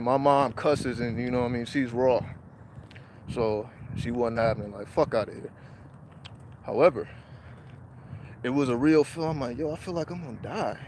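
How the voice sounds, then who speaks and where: A man's voice: medium pitch, slight background noise. A man hosting a livestream, telling a personal spiritual story in casual, profane street slang. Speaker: livestream host.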